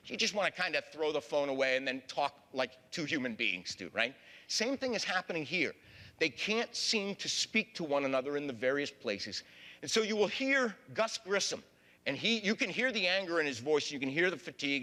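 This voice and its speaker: A lecturer gives a public history talk in a folksy style, often calling the audience "folks." His voice is a little high, bright and forceful. A long hall reverb colors the recording.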